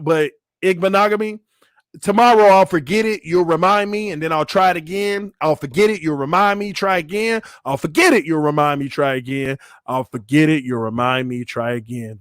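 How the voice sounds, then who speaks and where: A man's voice: on the high side, normal speed, no room sound, studio quality. A man hosting a casual live-stream, reading viewer comments aloud, laughing and joking as he stumbles over names. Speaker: channel host.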